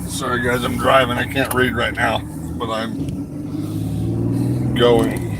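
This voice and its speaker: An upset man talking in a halting, agitated way with many restarts, livestreaming from his car while driving. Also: mid-range voice, monotone, gravelly, heavy background noise. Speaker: records requester livestreaming. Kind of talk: confrontational livestream.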